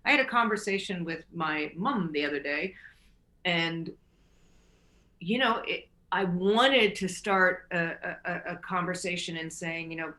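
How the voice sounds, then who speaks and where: A woman's voice: fairly low pitch, measured pace, pushed and bright, reverberant. A woman hosting a recovery talk, giving earnest casual advice with frequent restarts and easy laughter. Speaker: recovery podcast host.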